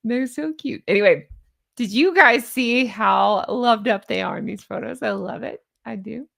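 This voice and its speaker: Southern lady gushing over royal pics, kinda high voice with a gravelly fry. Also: a little slow, fairly bright tone. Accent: Southern American. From American South. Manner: gushing, giddy and chatty. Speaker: royal news commentator. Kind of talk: casual chat.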